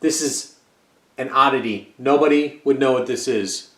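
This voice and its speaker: An American man chats loosely about his vinyl finds in an easygoing, meandering way, often stopping on "uh" between thoughts. His voice sits at an ordinary middle pitch and carries a noticeable echo from the room around him. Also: moderate pace. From United States. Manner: rambling and relaxed, with frequent fillers. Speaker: vinyl record collector. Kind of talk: casual record-collecting vlog. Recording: echoey room.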